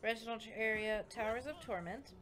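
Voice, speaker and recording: A woman's voice: a little high, fairly quick, a bit bright. A woman co-hosting a game stream in casual chat, blunt and sardonic, swearing freely. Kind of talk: casual chat while gaming. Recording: game music behind the voice.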